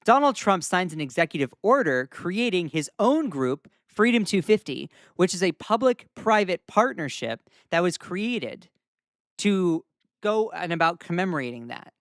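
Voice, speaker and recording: A young man hosting casual live-stream news commentary, chatty and animated as he reacts to viewer comments. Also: high-pitched, a little slow, no room sound, clean studio sound.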